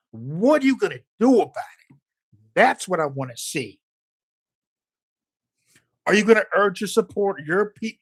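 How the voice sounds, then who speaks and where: A man delivering a heated, profane political rant as a commentator, emphatic and angry throughout. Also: a little high.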